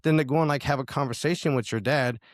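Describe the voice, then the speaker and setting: A man thinking aloud in a relaxed talk about scripture, stumbling through restarts and fillers before landing on his meaning. His mid-range voice is recorded close and dry. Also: mid-range voice, fast talker, no echo. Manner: hesitant, many restarts and fillers, searching for words. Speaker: podcast co-host. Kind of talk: casual faith discussion.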